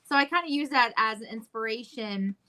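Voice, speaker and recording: Bright high-voiced woman co-host. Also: fairly quick, low-quality recording. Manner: friendly, enthusiastic, hesitant fillers. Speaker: guest host. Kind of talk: casual chat.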